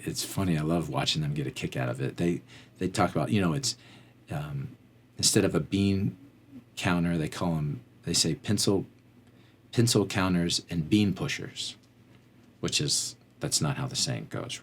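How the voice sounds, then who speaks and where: A man's voice: low-pitched, breathy edge. A man hosting a faith-based motivational talk, conversational and rambling, often drifting off on tangents. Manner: conversational, fills with "like". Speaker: podcast host.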